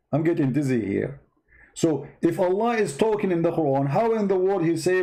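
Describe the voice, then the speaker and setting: Sarcastic male host from the Middle East, lively pitch, comic commentary. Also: moderate pace. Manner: sarcastic, animated, mock-dramatic.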